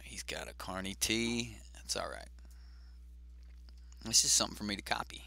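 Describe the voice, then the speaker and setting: Gravelly low-voiced man calling a card game. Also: expressive, moderate pace, sharp tone. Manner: chatty, thinks aloud with fillers. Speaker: host. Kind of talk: casual game commentary.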